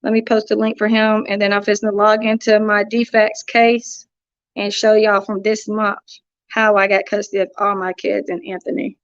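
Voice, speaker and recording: A woman's voice: mid-range voice, flat delivery, normal speed, clean tone, no room sound, highs cut off. A woman hosting a casual livestream, distracted, talking to viewers while working her phone. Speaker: livestream host.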